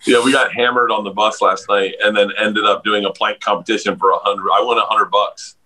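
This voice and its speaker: Brief: male comedian guest, bright forceful voice, loud laughing storyteller on a video call. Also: brisk, poor audio. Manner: loud storyteller, laughs a lot, jumps up in pitch when excited. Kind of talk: casual podcast chat.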